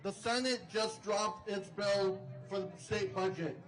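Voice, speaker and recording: A man speaking forcefully at an outdoor protest rally, leading chants and introducing the next speaker. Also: high voice, a little slow, poor audio. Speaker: rally emcee.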